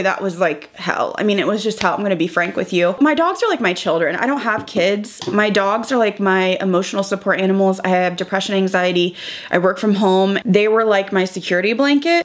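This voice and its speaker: A young woman beauty vlogger talking through a chatty get-ready-with-me, emotional and halting, close to tears. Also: mid-range voice. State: close to crying.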